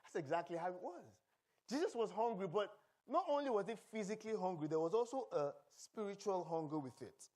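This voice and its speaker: Preaching a sermon in church, a pastor with a Nigerian accent speaks a little fast in a voice that sits noticeably high for a man. He alternates between reading scripture and joking with the congregation, animated and humorous, calling for responses from the pews.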